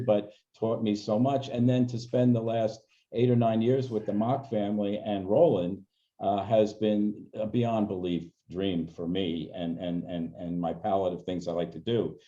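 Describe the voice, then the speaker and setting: A man's voice: lowish voice, fairly even intonation, moderate pace, dark tone. An older man, a guest in an interview, telling stories in a reflective way. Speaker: guest, senior consultant. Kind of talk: casual interview answers. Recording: dull lo-fi sound.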